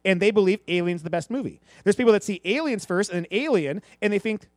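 A man's voice: sits high, fast, no room sound. A man on a movie podcast, telling a childhood story in casual chat and acting out the voices of the people in it. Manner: animated storyteller who acts out voices.

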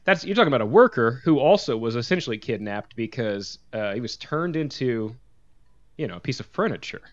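A man's voice: mid-range voice, animated, fairly quick, dry recording, dull audio. Man, podcast co-host, sarcastic jokes, fillers and restarts, dry close sound. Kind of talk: casual chat.

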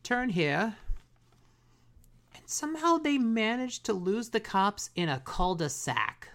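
Slangy podcast guy with a lively pitch. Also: moderate pace. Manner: slangy, laughing, lots of "like" and "bro". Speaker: podcast co-host. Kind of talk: casual banter recapping an episode.

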